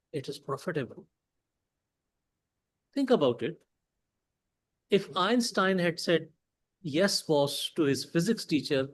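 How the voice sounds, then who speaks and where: A man with a Pakistani English accent giving a prepared motivational speech at a club meeting, emphatic, with dramatic pauses and rhetorical questions. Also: on the high side, rough recording. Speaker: club speaker. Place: meeting hall.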